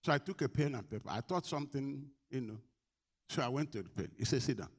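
Preaching man, from hushed to shouting. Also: medium pitch, expressive, quick pace, husky. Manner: preaching with call-and-response, swinging from soft to loud. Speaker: pastor. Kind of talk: sermon.

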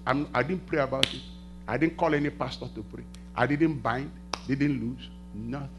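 A middle-aged man preaching a sermon in a church, asking the congregation to finish his sentences and swinging between hushed and loud passages. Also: mid-range voice, steady tone, normal speed, muffled recording, soft background music. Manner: call-and-response questions to the congregation. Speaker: pastor.

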